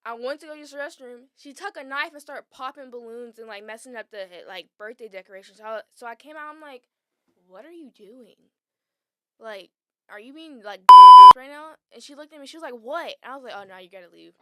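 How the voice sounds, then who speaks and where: A young woman co-hosting a casual chat podcast, telling a story with animated acted-out quotes and plenty of swearing. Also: fairly high pitch, fairly quick, no echo, studio quality. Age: young adult. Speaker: podcast co-host.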